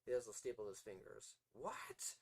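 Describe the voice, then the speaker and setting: Man reading his own novel, low-voiced. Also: fairly even intonation, normal speed, rough recording. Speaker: podcast host and author.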